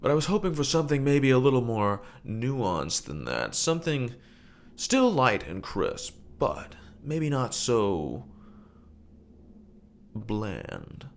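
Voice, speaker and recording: A man voicing a fussy, pretentious male bar customer who speaks in an affected, measured way. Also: medium pitch, huge pitch swings, gravelly, full character voice.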